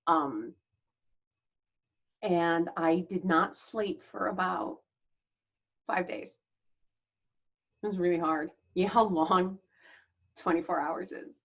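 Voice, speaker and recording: A woman hosts her own channel and tells her personal story with a frank, chatty openness, breaking into small laughs between lines. Her voice sits a little low for a woman. The recording sounds dull and lo-fi. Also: slow pace, long pauses. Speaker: channel host.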